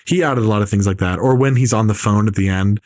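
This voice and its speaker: A man talking in a low voice on a podcast mic, his words tumbling out in a rapid, rambling rant full of "like" and "um." The recording is dry and close, with no room sound. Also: a little mellow, no room sound. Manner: rambling, rapid film rant with many fillers. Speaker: podcast co-host. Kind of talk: casual chat.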